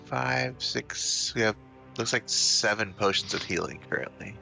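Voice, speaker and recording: A man's voice: fairly low pitch, measured pace, creaky, sharp tone, faint music behind. A man playing in an online tabletop game, joking and laughing often as he describes his character. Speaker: player.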